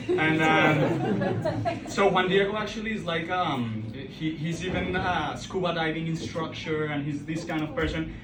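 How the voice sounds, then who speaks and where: A young man with a Colombian Spanish accent, a native Spanish speaker, telling a stand-up story on a club stage, halting and full of fillers and restarts. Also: on the high side. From Colombia (Bogota). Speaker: stand-up comedian. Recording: roomy club sound from far off, loud crowd. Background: audience laughing.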